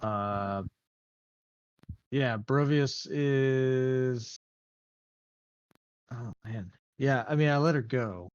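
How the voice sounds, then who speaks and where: A man's voice: mid-range voice, extremely slow, pauses often, clear, resonant tone, no room sound, dull audio. A man playing a tabletop game, hesitantly describing what his character does, with many fillers. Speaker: player.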